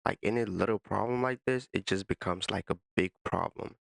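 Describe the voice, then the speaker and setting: Very deep, gravelly man in a dry room, casual reaction commentator. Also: fairly quick, no room sound. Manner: casual, addresses listener as "bro".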